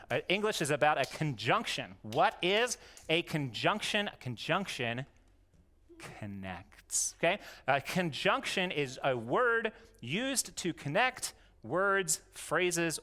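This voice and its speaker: A man's voice: a little high, big pitch swings, takes it slowly, bright, forceful tone. A man giving a playful home lesson to his young daughters, coaxing them to repeat words and joking as he goes. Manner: goofy, jokey, coaxing. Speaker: homeschooling parent teaching his daughters.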